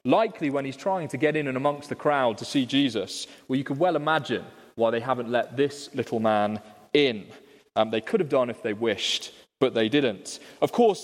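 A man's voice: mid-range voice, long reverb tail. A man preaching a conversational sermon, explaining a passage and often asking the congregation rhetorical questions. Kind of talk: expository sermon. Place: church.

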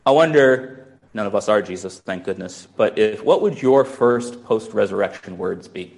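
A man's voice: fairly low pitch, animated, normal speed, gravelly, darkish tone. A pastor preaching a sermon in a musing, conversational way, often restarting his sentences.

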